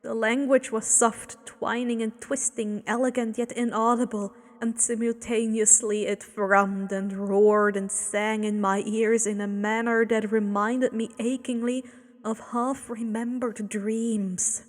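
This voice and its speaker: A woman reads a fanfiction story aloud, slow and measured, her voice sitting fairly high. A long reverb hangs around each phrase. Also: flat delivery. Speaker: fanfiction reader.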